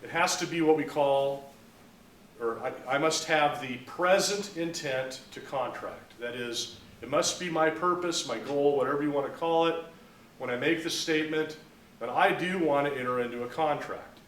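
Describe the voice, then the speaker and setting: A man's voice: on the high side, moderate pace, a bit bright, a little hiss or hum. A man giving a business law lecture, explaining terms step by step and acting out a story to make a point. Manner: explains with acted-out anecdotes. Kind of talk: classroom lecture. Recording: roomy, mic at a distance.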